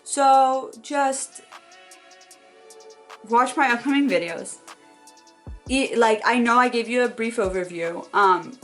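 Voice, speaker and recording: A young woman talking to her phone camera in a casual, animated advice vlog, acting out quoted voices now and then. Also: medium pitch. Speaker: vlogger.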